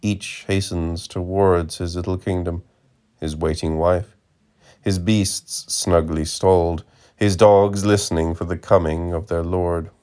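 Deep-voiced guy reading a novel aloud, slow and deadpan. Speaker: audiobook reader. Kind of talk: literary audiobook narration.

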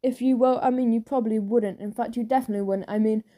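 A woman's voice: high voice, moderate pace, warm tone, lightly acted. A woman voicing a flustered twelve-year-old schoolboy who stammers and trips over his words. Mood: nervous.

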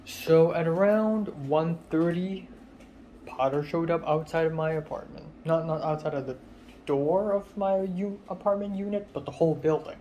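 A man's voice: fairly high pitch, normal speed, warm tone, a little hiss or hum, poor audio. Rambling young man vlogging at home. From Hong Kong. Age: young adult. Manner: rambling and self-deprecating, many fillers. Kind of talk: casual vlog talk.

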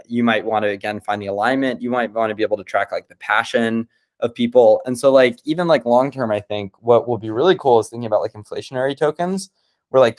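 A man with a fairly low voice talks through his ideas on a video call. His delivery is casual and enthusiastic, packed with "like" and restarts. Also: darkish tone. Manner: fast, filler-heavy, enthusiastic with frequent "like". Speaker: startup founder, guest speaker. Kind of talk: casual conversational explanation.

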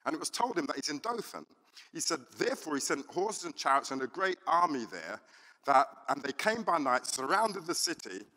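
A man, a pastor preaching a sermon in a church and telling the story in an animated way, with many fillers. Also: on the high side, fairly quick. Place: church hall. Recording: reverberant church hall.

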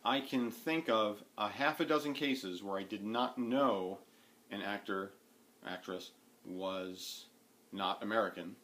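A man's voice: on the low side, slow, fairly bright tone. Rambling man chatting about hobbies. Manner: rambling, many fillers and restarts. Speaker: needlework vlogger. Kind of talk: casual rambling chat to camera. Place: at home, sitting indoors.

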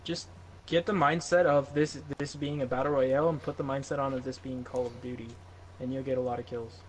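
A man's voice: mid-range voice, level tone, brisk. A laid-back man chatting with friends during an online game, giving tips and asking for gear. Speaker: gamer. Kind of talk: casual game chat.

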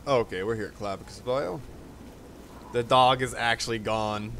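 A man's voice: medium pitch, moderate pace, a bit bright, slight background noise. A man hosting a casual let's play, commenting loosely and swearing freely as he plays. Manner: loose, profane, chatty.

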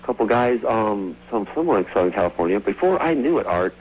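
A man calling in to a radio show, telling rambling, excited stories over the phone. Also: lowish voice, fast talker, breathy edge. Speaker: caller. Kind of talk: casual phone-in storytelling. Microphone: telephone. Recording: tinny phone line.

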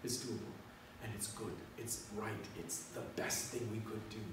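A man preaching a sermon as pastor, swinging between loud exhortation and quiet, prayerful lines. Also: on the low side, fairly even intonation, normal speed, background noise. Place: church sanctuary. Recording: echoey hall, mic from far off.

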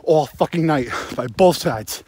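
A man's voice: a little high, measured pace, a little mellow, husky, no room sound. A young man, out of breath, ranting and swearing about a football game into his phone while jogging outdoors at night. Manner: rambling, sarcastic, heavy swearing. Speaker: sports podcast host. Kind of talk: profane postgame rant while jogging. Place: outdoors at night, running in the cold.

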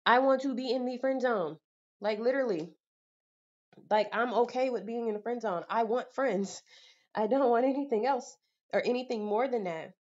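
A woman's voice: a little high, moderate pace. A young woman vlogging, venting bluntly and with exasperation, full of casual slang. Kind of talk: candid vlog monologue. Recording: slightly dull lo-fi audio.

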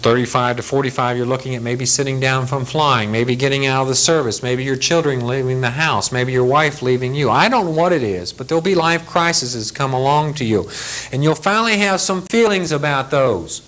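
A man's voice: mid-range voice, moderate pace, a bit bright, poor audio. An older man, a retired military aviation safety instructor, giving a blunt, folksy lecture briefing in which he acts out the people he quotes.

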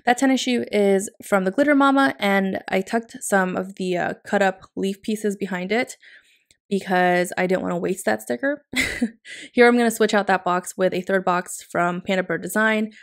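A woman vlogger chatting casually in a voice-over about decorating her planner, upbeat and quick to laugh. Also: medium pitch.

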